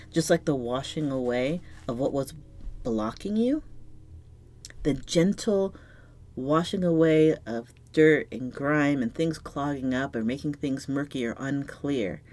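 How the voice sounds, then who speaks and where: A woman with a low voice reads tarot cards on her own. She speaks softly and reflectively, often dropping to a near-whisper. She sounds moved and searches for the right words as she goes. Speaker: tarot reader. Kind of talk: solo tarot reading to camera.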